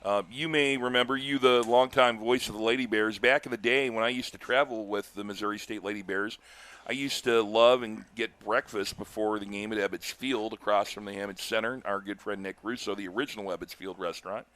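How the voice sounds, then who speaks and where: A man's voice: fairly low pitch, a little fast. Older man calling baseball, chatty. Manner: chatty storyteller, animated on big plays. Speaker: baseball play-by-play announcer. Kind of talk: live baseball commentary with chat.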